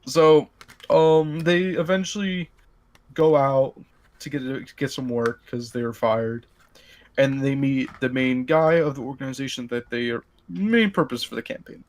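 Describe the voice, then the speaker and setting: A man, the game master, casually retelling his tabletop role-playing session in an animated, rambling way. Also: mid-range voice, unhurried. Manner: rambling, animated, lots of filler and restarts.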